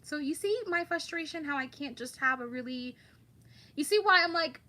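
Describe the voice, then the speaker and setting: A woman's voice: high voice, moderate pace, sharp tone. A woman hosting a casual livestream, chatting about online drama and reading viewer comments aloud.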